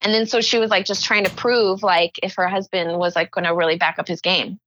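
A woman's voice: on the low side, fairly even intonation, fairly quick, fairly bright tone, no room sound, lo-fi sound. A young American woman co-hosting a podcast in casual chat, giggly and saying "like" constantly. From United States. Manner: giggly, filler-heavy, says "like" constantly. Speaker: podcast co-host.

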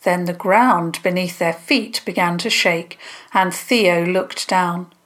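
A woman narrating a children's story in a gentle, unhurried reading. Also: fairly low pitch.

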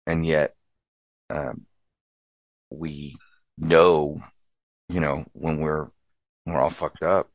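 Host, male, deep voice, blunt and ribbing, dry studio sound. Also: flat delivery, extremely slow, pauses often, no echo. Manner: blunt, teasing. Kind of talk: casual chat.

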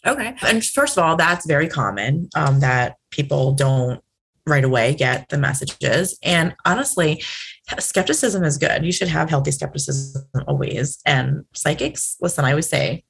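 Interview guest: woman, psychic, deep gravelly voice, loose chatty delivery. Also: very animated, moderate pace, fairly bright tone. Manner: chatty, many fillers and restarts, acts out quoted exchanges. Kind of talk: conversational storytelling interview.

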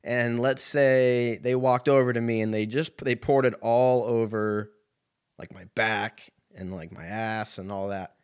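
A man's voice: medium pitch, steady tone, measured pace, clean tone. Rambling, profane man telling a story. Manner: rambling, profane, full of fillers. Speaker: podcast host. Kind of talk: casual comedic storytelling. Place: laundromat.

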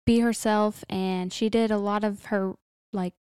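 A woman's voice: mid-range voice, fairly even intonation, a little slow, a little mellow, smooth, no echo, clean studio sound. A young woman co-hosting a book podcast, chatty and self-deprecating in casual talk. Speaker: podcast co-host.

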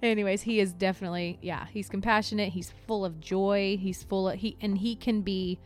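A woman's voice: mid-range voice, fairly even intonation, fairly quick, soft background music. Chatty woman podcast co-host, giggly. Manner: chatty, laughs often, warm-hearted teasing. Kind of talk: casual family podcast chat.

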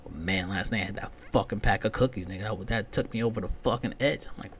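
Profane ranting man, lowish voice. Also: fast, few pauses, a little hiss or hum. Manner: profane, swings from loud outbursts to muttered asides. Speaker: podcast host. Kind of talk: solo comedic rant.

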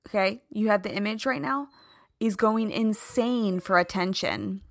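A woman's voice: medium pitch, unhurried, gravelly, no echo, clean studio sound. A woman hosting a podcast, telling a personal story in a candid, emphatic, confessional way. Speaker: podcast host.

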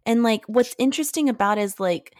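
A woman's voice: on the high side, fairly quick, a little mellow, no room sound, studio quality. A young woman co-hosting a podcast, casually recapping a film and acting out the characters' lines in a raised voice. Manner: chatty, many "like"s, acts out characters' lines in a raised voice. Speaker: podcast co-host.

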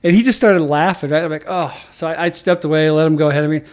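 A man's voice: fairly high pitch, rapid-fire. A middle-aged man, an athletic trainer, telling stories in a casual chat and acting out the people in them. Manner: animated storyteller, acts out quotes loudly. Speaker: head athletic trainer, guest.

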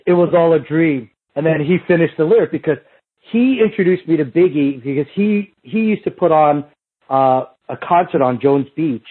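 A man's voice: a little high, animated, normal speed, breathy edge. A middle-aged man, a podcast guest, telling long rambling stories in casual chat, restarting sentences and acting out quoted lines. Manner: rambling, restarts often, slips into quoted street talk. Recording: tinny phone-like remote line.

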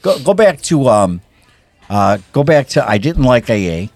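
A man's voice: medium pitch, big pitch swings, moderate pace, a little mellow. A man co-hosting a podcast interview, affirming his guest and drawing her out with questions. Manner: affirming, frequent encouraging interjections. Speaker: podcast co-host. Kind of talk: conversational interview.

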